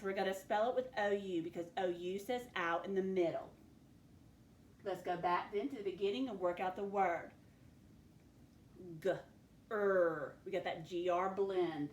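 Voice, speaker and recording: A woman teacher leading a recorded phonics lesson, clearly sounding out words and letters for her students. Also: mid-range voice, reverberant, a little hiss or hum. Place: classroom with a board.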